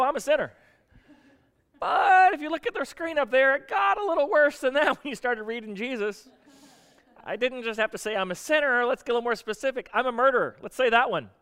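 A male pastor delivers a sermon in a loose, conversational way, joking with his listeners and restarting his sentences. His voice sits high and sounds bright. The sound carries a long church-hall reverb. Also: expressive, fairly quick, smooth.

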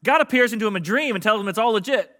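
A man's voice: sits high, lively intonation, very fast, pushed and bright. A man preaching a sermon in a casual, joking way, getting his congregation to call out responses. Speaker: pastor. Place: church sanctuary with congregation.

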